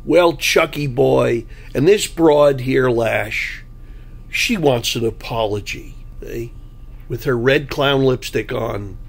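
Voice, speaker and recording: A man's voice: medium pitch, slow pace, gravelly. A man delivering a blunt, combative political monologue, full of anecdotes. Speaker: political commentary host.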